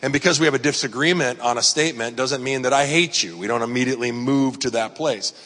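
A middle-aged male pastor speaks in a relaxed, conversational way, looping through anecdotes with plenty of "uh" and "you know". His voice sits at an ordinary pitch, and it rings out with a long reverb tail as though he is filling a large hall. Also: quick pace. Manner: rambling, storytelling, frequent fillers and restarts. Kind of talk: conversational sermon.

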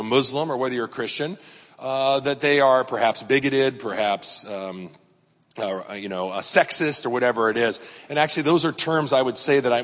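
A middle-aged male pastor speaks in a relaxed, conversational way, looping through anecdotes with plenty of "uh" and "you know". His voice sits at an ordinary pitch, and it rings out with a long reverb tail as though he is filling a large hall. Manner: rambling, storytelling, frequent fillers and restarts. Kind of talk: conversational sermon.

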